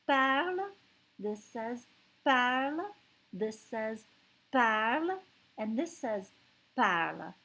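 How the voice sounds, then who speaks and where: A woman's voice: mid-range voice, slightly rough, poor audio. A woman teaching a language lesson, explaining step by step with patience and repeating words so learners can say them along. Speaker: French teacher.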